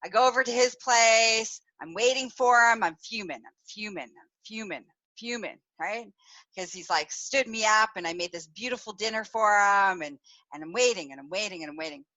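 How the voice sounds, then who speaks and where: A woman hosting a podcast, telling a personal story in a candid, animated way, laughing often and swearing freely. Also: fairly high pitch, fairly quick, rough recording. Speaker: podcast host.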